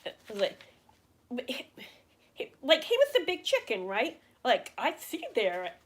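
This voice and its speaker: A woman's voice: fairly high pitch, huge pitch swings, a little slow. A middle-aged woman, chatting on a casual livestream and answering viewers' questions. She rambles with many fillers and restarts and talks openly about her feelings. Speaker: livestream host.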